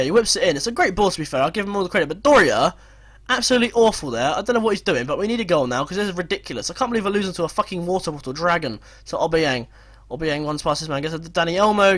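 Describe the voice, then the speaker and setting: A young man giving casual commentary over a football management game, swearing, mocking himself and breaking into excited outbursts. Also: a little high. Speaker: gaming video creator.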